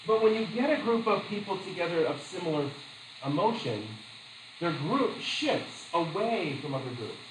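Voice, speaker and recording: Guy teaching a class, kinda high voice, chatty storyteller, echoey room. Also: background noise. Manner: chatty, animated storytelling with laughs and asides. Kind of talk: classroom lecture with anecdotes.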